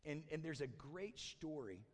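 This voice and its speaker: Male pastor, sermon storyteller, bright upper register, big church reverb, swings loud to hushed. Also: fairly high pitch, expressive, a little slow. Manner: storytelling, acting out quoted voices, swings from loud shouts to hushed near-whispers.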